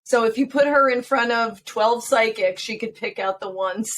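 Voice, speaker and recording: A woman's voice: on the high side, unhurried, fairly bright tone. A woman who is a regular podcast guest, chatting in a bantering way and laughing easily. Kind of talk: casual chat.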